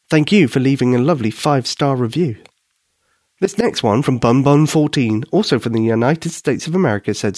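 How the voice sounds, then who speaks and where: A man's voice: medium pitch, animated, fairly quick, a little mellow, no room sound. A man narrating a children's bedtime story and hosting the podcast. His soothing voice rises and falls with plenty of life. The recording is dry and close.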